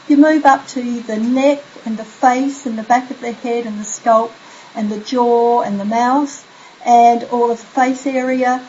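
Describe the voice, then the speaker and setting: A middle-aged woman parenting coach giving bedtime tips in a gentle, soothing way. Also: a little high, highs cut off, slight background noise. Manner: soothing, demonstrates soft bedtime phrases. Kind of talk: instructional talk to camera.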